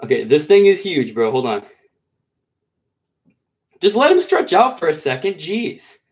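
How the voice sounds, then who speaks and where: A man on a live stream with a slightly high voice, talking loosely and casually to his chat. He drops bro and dude into nearly every line. He coaxes and soothes a pet snake while sounding uneasy about it. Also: sing-song, a little slow, slightly rough. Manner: laid-back and slangy, calls everyone bro and dude; nervous and coaxing while handling a snake.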